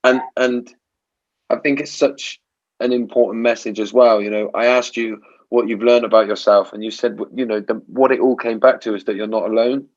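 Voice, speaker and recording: A man's voice: medium pitch, steady tone, moderate pace. Reflective male podcast host, slightly dull audio. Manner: reflective, many restarts and tag questions. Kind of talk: casual interview chat.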